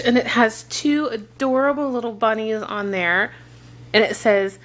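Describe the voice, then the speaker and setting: A young woman with a high voice, unboxing gifts for her daughter in a home vlog. She gushes and gasps, and she keeps exclaiming over each item. She talks slowly and lingers on every word. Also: fairly even intonation, fairly bright tone. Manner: gushing, gasping, repeats "oh my gosh".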